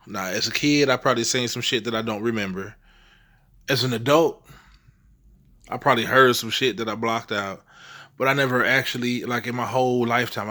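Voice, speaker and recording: A middle-aged man from St. Louis, Missouri, tells ghost stories in a casual, rambling, profane monologue, often checking in with "you know what I'm saying." His voice is lowish, with a bright, forceful tone.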